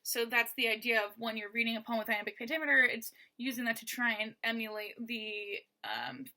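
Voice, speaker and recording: A woman's voice: on the high side, animated, fairly quick, pushed and bright. A woman teaching a lesson, patiently explaining and stressing words aloud to show the rhythm.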